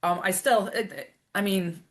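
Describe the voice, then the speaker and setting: A middle-aged woman, a coach and podcast guest, telling her story in an energetic, animated way, with many restarts. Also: mid-range voice, moderate pace. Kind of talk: emotional conversational storytelling.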